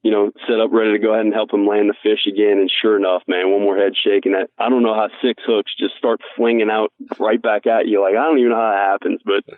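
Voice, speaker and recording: A man's voice: on the low side, little pitch movement, quick pace, few pauses, dry recording. A man being interviewed as a guest angler, telling stories in an earnest, heartfelt way, often saying "man". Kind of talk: casual storytelling interview. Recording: dry, tinny phone-like line.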